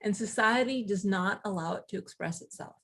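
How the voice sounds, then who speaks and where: Speaking in a mid-range voice, a woman guest author recounts stories conversationally, animated and quick with asides and laughter.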